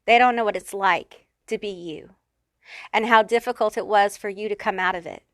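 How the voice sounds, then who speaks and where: A woman's voice: mid-range voice, normal speed, no room sound, studio quality. A woman giving a pick-a-card tarot reading, talking straight to the viewer in a blunt, profane, fired-up way. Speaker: tarot reader.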